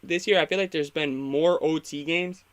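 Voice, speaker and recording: A man's voice: on the high side, fairly even intonation, moderate pace, clean tone. A young man hosting a casual live football reaction, opinionated and rambling, getting fired up when he critiques the coaching. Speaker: sports talk host.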